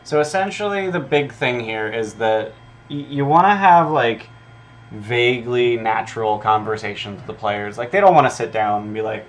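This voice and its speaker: A man's voice: on the low side, moderate pace, a little hiss or hum. A man preparing a tabletop game session, reading his notes aloud in a casual, profane way, with lots of ums. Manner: filler-heavy, profane, thinking aloud. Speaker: game master prepping an adventure.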